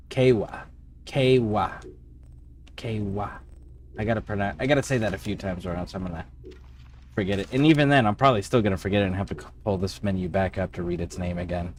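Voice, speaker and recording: A man streaming a video game, chatting casually with viewers, swearing freely and thinking out loud while he plays. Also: deep voice, lively intonation, very fast, slight background noise. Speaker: livestreamer. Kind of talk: casual gaming livestream chat.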